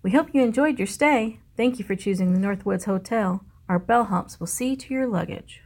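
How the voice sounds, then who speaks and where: A woman's voice: mid-range voice, moderate pace, a little mellow, lightly acted. A woman voicing polite, fussy mice who run a hotel in a picture book, with a formal, chirpy manner.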